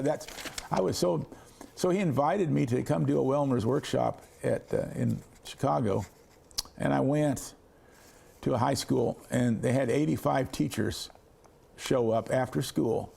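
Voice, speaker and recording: Older man from Kansas, science educator, interview storyteller. Gravelly, husky voice. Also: mid-range voice. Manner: animated anecdotes, acting out the voices of others.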